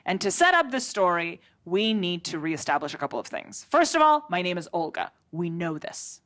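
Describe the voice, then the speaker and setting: Lively, sarcastic woman doing stand-up. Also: lowish voice, normal speed. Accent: American-learned English. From Russia. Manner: lively, sarcastic, acts out quotes. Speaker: stand-up comedian. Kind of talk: stand-up comedy set. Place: theatre stage before a laughing audience. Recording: audience laughter clearly audible.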